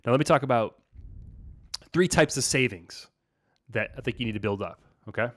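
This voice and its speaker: A man hosting a casual podcast as a financial planner, talking in an energetic, laid-back way full of slang. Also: medium pitch, moderate pace, dry recording, clean studio sound.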